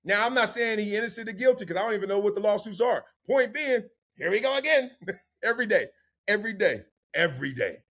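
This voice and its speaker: A man hosting a sports talk podcast, telling animated stories, acting out voices and laughing often. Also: high voice, fairly quick. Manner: storytelling, mimics others' voices, laughs often. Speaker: host.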